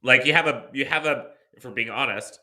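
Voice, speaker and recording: A man's voice: mid-range voice, a little fast, bright, forceful tone. A man co-hosting a sports podcast, rattling off team stats in casual chat with dry laughs. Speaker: podcast co-host.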